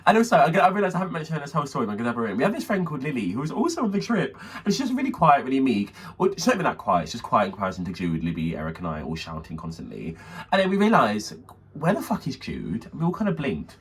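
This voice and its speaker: A man's voice: medium pitch, very fast, husky, recorded from a distance. A man, co-hosting a podcast, telling a long anecdote in casual chat and acting out friends' lines. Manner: animated storyteller, quoting friends in shifting voices, swearing freely. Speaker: podcast co-host.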